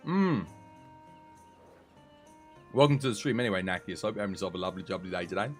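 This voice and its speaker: Low-voiced sarcastic male streamer. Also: lively intonation, fast, faint music behind. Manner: dry, sarcastic and rambling. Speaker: game streamer. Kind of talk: casual live-stream chat.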